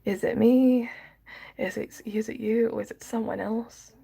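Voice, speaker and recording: A woman's voice: on the high side, steady tone, measured pace, vocal fry, warm tone, a little hiss or hum. A woman crying as she vents in a vlog, sighing and dropping into whispers. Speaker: vlogger. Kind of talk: emotional vlog rant.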